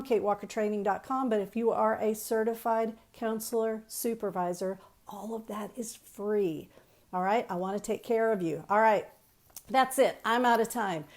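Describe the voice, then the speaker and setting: A woman coaching counselors on a live stream, chatty and emphatic, repeating key points and greeting viewers as she goes. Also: a little high. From Texas. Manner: energetic, chatty, greets viewers mid-talk. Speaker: counseling trainer.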